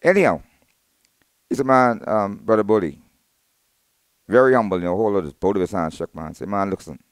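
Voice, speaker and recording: A Bahamian man in middle age running his own talk show with a fairly low, smooth, resonant voice. The sound is close and dry, with no room around it. He talks in an animated way, muttering low asides one moment and booming the next. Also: moderate pace, long pauses, no echo. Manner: animated, swings from low asides to loud outbursts. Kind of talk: opinionated talk radio monologue.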